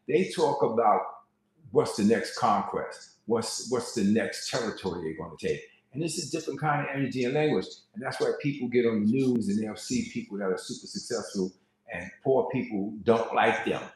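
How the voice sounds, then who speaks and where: A man giving casual motivational preaching to a live online audience, quoting scripture and repeating words as he starts a thought. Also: medium pitch. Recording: very echoey room.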